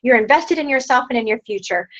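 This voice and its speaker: A woman's voice: fairly high pitch, lively intonation, quick pace. A woman in her thirties leading her sales team over a video call, rousing them with repeated rhetorical questions. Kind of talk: motivational pep talk. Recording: dull lo-fi online video call.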